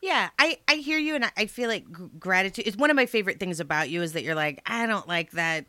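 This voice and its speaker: A woman co-hosting a podcast, chatting playfully and warmly teasing her co-host. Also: medium pitch, animated, quick pace, no echo, clean studio sound. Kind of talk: casual chat.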